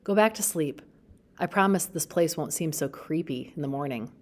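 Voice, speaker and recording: Drowsy, gently teasing mom, read by a woman in a low voice, for a book reading. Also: animated, moderate pace. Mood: sleepy. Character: sleepy, teasing mother.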